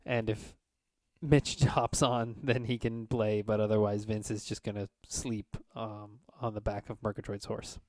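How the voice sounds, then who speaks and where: A man narrating as game master of a tabletop game, relaxed and halting with many fillers. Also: on the low side, no echo, clean studio sound.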